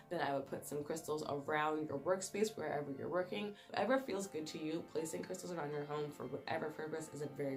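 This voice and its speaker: A woman with a low, deep voice talks in a relaxed, chatty way as she shows things to the camera. She explains each step warmly and keeps the pace easy. Faint music plays underneath. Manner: chatty, warm explaining, showing stones to camera. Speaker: crystal vlogger. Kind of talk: casual how-to talk.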